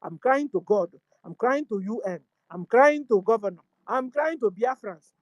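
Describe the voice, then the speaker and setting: A woman's voice: fairly high pitch, expressive, moderate pace, dry recording, highs cut off. A woman with a Nigerian accent hosting her own channel, pleading in impassioned commentary full of rhetorical questions and lines in Igbo. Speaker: channel host.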